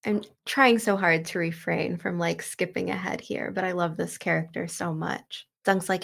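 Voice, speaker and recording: A woman's voice: on the low side, fairly even intonation, normal speed, vocal fry, hardly any pauses, a bit bright. A woman hosting a book walkthrough, retelling the story in a loose, chatty way full of "like" and "you know.". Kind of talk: casual book commentary and retelling.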